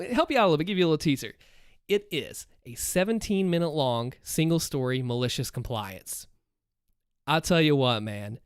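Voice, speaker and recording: Casual upbeat guy hosting a stream, kinda high voice, super dry close sound. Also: clear, resonant tone, no echo. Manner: upbeat, chatty, talks to chat. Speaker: livestream host and story narrator. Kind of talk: casual livestream chat.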